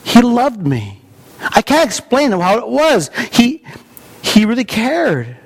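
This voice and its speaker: A man voicing a remorseful male thief dying on a cross, telling his story in a halting, emotional first person. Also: very high-pitched, huge pitch swings, pitched above the performer's own voice, exaggerated voice. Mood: awed.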